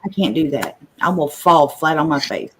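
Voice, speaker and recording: A woman's voice: deep voice, expressive, moderate pace, slight background noise. Chatty woman host, livestream chat, a slight stutter.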